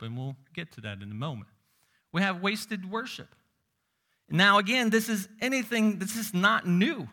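A man preaching a sermon, moving between loud emphasis and hushed low asides, quoting scripture. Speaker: pastor.

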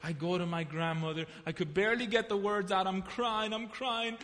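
Pastor, man, high bright voice, storytelling sermon in a reverberant hall. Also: moderate pace. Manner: storytelling preacher, animated, asks the congregation questions.

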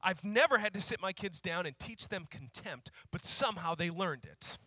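A male pastor preaching a sermon who slows down to repeat key phrases for emphasis and tells stories in a conversational way. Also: sits high, animated, sharp tone, no room sound, studio quality. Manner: conversational storytelling with fillers.

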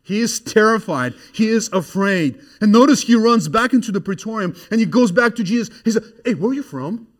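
A man preaching an expository sermon, swinging from hushed, grave passages to loud, excited emphasis. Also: high-pitched, a little fast, few pauses.

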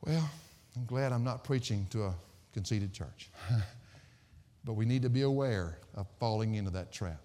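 A middle-aged male pastor preaching a sermon, emphatic and swinging from loud sarcastic peaks down to quiet low endings. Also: moderate pace. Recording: hall reverb.

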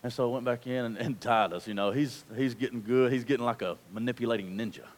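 A man in his thirties preaching a sermon, telling a family story and building to loud, fervent preaching. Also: mid-range voice, fast. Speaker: pastor. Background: guitar music.

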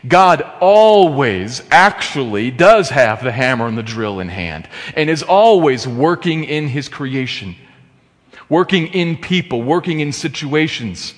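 A man preaching a sermon as pastor, swinging between loud emphatic stresses and hushed, quiet asides. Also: a little high, in a large hall.

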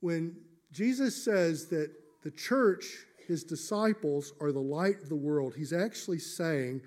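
Man, pastor, sermon in church, high-pitched voice, emphatic measured delivery. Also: a little mellow. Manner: emphatic, measured preaching with slowed stressed phrases.

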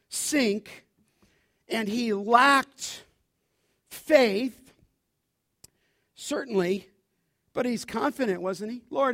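A man preaching a sermon as pastor, animated, often asking his listeners to finish his sentences. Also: very high voice, dry recording, clean studio sound. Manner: animated preaching, asks the congregation to fill in words.

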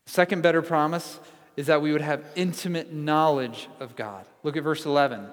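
A man's voice: on the high side, moderate pace, big-room sound. A man preaching a sermon as pastor, earnest and building to emphatic repetition.

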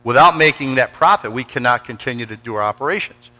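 A man's voice: mid-range voice, animated, fast talker, bright, forceful tone, low-quality recording. A middle-aged man preaching a storytelling sermon in a church, energetically calling out to the congregation for responses. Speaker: pastor. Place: church sanctuary before a congregation.

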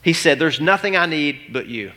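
Man, thirties, pastor, sermon, animated storytelling, bright forceful voice, fairly high pitch. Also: moderate pace.

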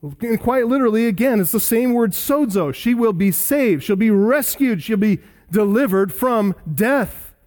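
Earnest, high-voiced male preacher. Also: animated, darkish tone. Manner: emphatic, earnest preaching with dramatic pauses. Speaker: pastor. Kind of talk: sermon.

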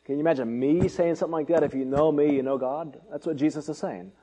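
A man preaching an expository sermon, emphatic, asking rhetorical questions and swinging between loud and soft delivery. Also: a little high, steady tone, quick pace, in a large hall. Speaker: pastor.

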